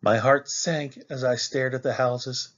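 A man reading a children's picture book aloud in a slow, expressive way, as a teacher for a class. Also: medium pitch, dull audio.

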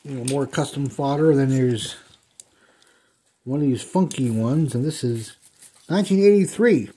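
Husky-voiced man in his fifties. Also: medium pitch, measured pace. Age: 50s. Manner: relaxed and rambling, with many ums and uhs. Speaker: die-cast car collector and customizer. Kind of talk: casual unboxing vlog. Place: indoors at home.

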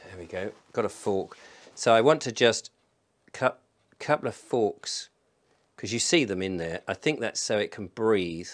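A man's voice: fairly low pitch, lively intonation, moderate pace. A man from England chatting casually through a home cooking vlog, thinking aloud and making fun of himself. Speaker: vlogger. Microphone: microphone in a room.

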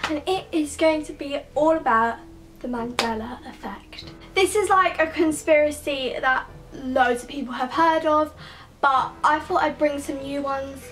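A woman's voice: sits high, fairly bright tone. A young woman chatting casually to camera as a vlogger, emphatic and full of "like". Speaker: YouTuber. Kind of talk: casual vlog chat.

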